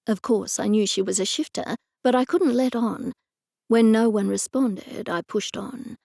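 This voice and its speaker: A woman narrating a cozy mystery audiobook in the first person, measured and even. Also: on the high side, vocal fry, no echo, studio quality.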